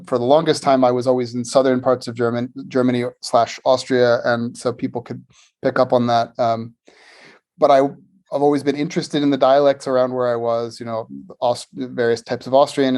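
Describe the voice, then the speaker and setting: An American man with a Philadelphia accent, a guest in a casual conversation, speaking thoughtfully and haltingly with many fillers. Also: medium pitch, a little mellow. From Philadelphia area, United States.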